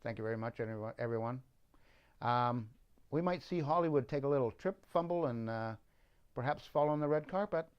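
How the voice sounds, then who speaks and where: A man telling a long, rambling story, halting with fillers and restarts. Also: mid-range voice, animated, clean tone. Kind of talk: rambling monologue. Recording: dull lo-fi recording.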